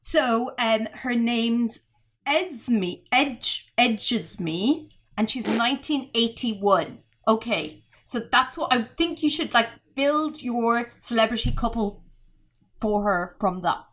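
A woman's voice: fairly high pitch, lively intonation, a bit bright. A woman with an Australian accent hosting a podcast, gushing and playful in casual chat. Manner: gushing, playful, quick asides. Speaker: podcast host.

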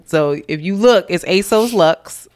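A woman in her thirties co-hosting a podcast, chatting casually and telling stories with lots of laughter, her voice jumping high when she quotes people. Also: unhurried. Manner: animated storytelling, laughs often, voice jumps high when quoting. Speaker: podcast co-host. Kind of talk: casual chat.

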